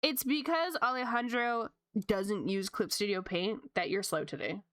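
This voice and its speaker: At a moderate pace and in a mid-range, slightly bright voice, a Canadian woman in her late twenties talks casually while drawing on stream. She rambles and laughs often.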